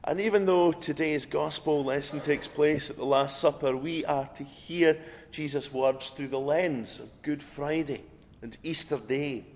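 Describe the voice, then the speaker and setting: A man preaching a sermon with a hoarse voice, measured and reflective, with a storyteller's flair. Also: fairly high pitch, a little mellow. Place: church. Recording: dull sound, long hall reverb.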